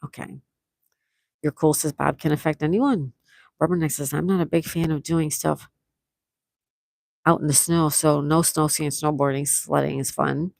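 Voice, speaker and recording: Older woman, livestream host, gravelly voice, chatty, reads comments aloud, dry close sound. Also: low voice, fairly even intonation, normal speed, long pauses, a little mellow, dry recording, low-quality recording. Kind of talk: casual livestream chat reading comments.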